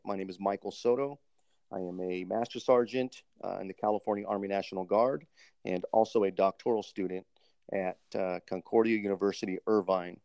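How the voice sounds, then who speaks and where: A young man hosting a podcast interview, polite and formal, pausing often with ums. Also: lowish voice, a little mellow, no echo. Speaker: podcast host, army master sergeant.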